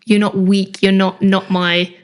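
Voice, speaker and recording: A woman's voice: mid-range voice, flat delivery, a little slow. A woman, a singer and vocal coach, making her case earnestly in a podcast chat. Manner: earnest, persuasive, questioning.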